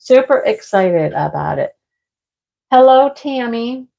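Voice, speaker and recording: A woman's voice: on the high side, animated, slow, gravelly, warm tone, muffled recording. Chatty woman hosting a craft livestream. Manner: chatty, rambling, often laughing, answers chat by name. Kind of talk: casual live chat with viewers.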